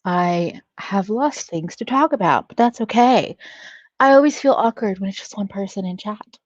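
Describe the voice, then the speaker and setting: A woman's voice: mid-range voice, animated, normal speed, no room sound, lo-fi sound. A woman hosting a casual livestream, reading out chat, laughing often and swearing freely. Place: at home.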